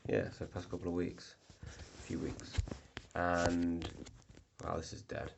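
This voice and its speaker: A man's voice: low-pitched, completely flat delivery, slow pace, gravelly, background noise. A young man rambling through a casual vlog, full of ums and restarts, recorded indoors. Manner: rambling, filler-heavy storytelling. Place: indoor room. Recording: echoey room.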